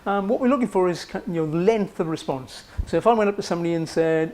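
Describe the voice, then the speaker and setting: A man's voice: high-pitched, fast, few pauses, darkish tone. A man giving a university psychology lecture in a conversational way, often checking in with "okay" and fillers. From Wales. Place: lecture room.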